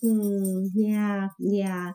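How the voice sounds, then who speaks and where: A woman guest on a podcast, talking candidly and telling animated personal stories in casual conversation. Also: mid-range voice, very slow, faint music behind.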